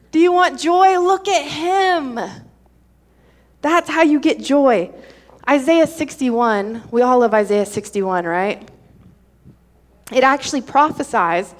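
A young adult woman preaching a lively sermon, reading scripture and calling out to her congregation for responses. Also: high-pitched. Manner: energetic, calls for audience response.

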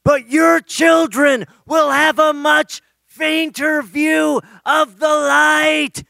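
A man playing an excitable, earnest man who shouts frantically in someone's face. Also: very high-pitched, unhurried, dry recording, voice pushed up, exaggerated voice. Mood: frantic.

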